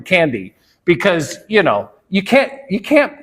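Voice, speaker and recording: American author guy rambling playfully in a chat, laughs at himself, highish voice. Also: big pitch swings, slow pace, fairly bright tone. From United States. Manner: playful, rambling, self-deprecating. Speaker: guest author. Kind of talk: casual interview chat.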